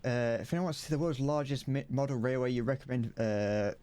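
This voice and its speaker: A man with a British accent chats casually while streaming a game, speaking fairly quickly in a medium-pitched, warm, clear, and resonant voice. He rambles, often restarts his sentences, and chuckles frequently.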